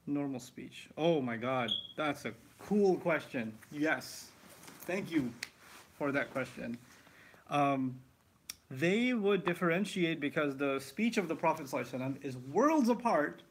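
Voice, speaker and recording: A man teaching the Quran in a live question-and-answer session, explaining with lively asides and rhetorical questions. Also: fairly high pitch. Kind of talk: live Q&A lesson.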